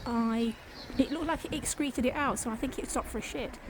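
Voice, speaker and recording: A woman chatting casually in a home and garden vlog, excitable and gushing, laughing often and swearing freely. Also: a little high, brisk, noisy background.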